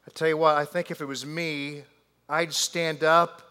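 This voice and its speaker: A man preaching a sermon, telling a story animatedly with drawn-out pauses and asides to the congregation. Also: on the high side, level tone, pushed and bright, clear, resonant tone. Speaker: pastor. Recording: long hall reverb.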